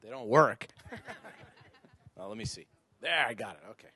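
A man's voice: medium pitch, normal speed, breathy edge, no echo. A middle-aged man giving a rhetorical talk to an audience of parents, acting out bits of dialogue as he goes. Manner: rhetorical, animated, acts out dialogue. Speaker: speaker addressing parents. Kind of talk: lively public talk with audience exchange. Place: indoor venue before an audience.

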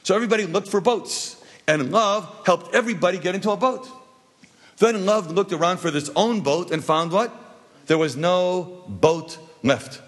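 A man's voice: sits high, a bit bright, husky. A man teaching a class, telling anecdotal stories with jokes and asking the audience rhetorical questions. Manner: jokey, anecdotal. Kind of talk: storytelling lesson.

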